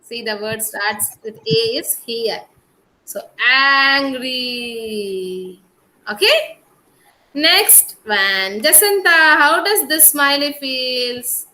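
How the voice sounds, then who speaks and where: A woman's voice: high voice, lively intonation, slow, sharp tone, rough recording. A woman with an Indian English accent teaching a kindergarten class over a video call, coaxing and drawing out words for young children.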